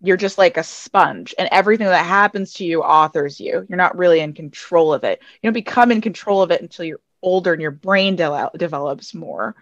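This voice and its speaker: A woman's voice: fairly low pitch, a little fast, few pauses, no room sound. Rambling American woman, dry lo-fi sound. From United States. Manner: rambling, restarting thoughtful explainer. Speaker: podcast guest. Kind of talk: casual podcast discussion.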